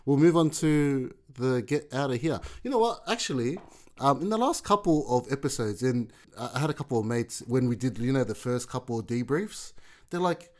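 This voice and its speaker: A man's voice: medium pitch, moderate pace. A man co-hosting a podcast in casual chat, telling jokey stories and laughing often. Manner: animated, joking storyteller who laughs often. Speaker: podcast co-host.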